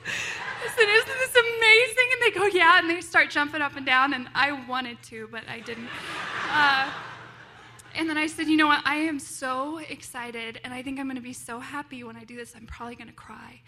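Woman, high bright voice, bubbly storyteller, laughs often, church testimony. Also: fairly even intonation, normal speed, slight background noise. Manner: bubbly, breaks into laughs, acts out quoted voices. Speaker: church member sharing a testimony. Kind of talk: personal story told in a sermon.

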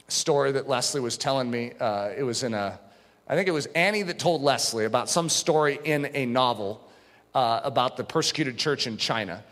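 A man preaching a sermon as pastor, impassioned, dropping to a hush and rising to shouts. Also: medium pitch, normal speed. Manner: impassioned, swings from hushed to shouting. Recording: long hall reverb.

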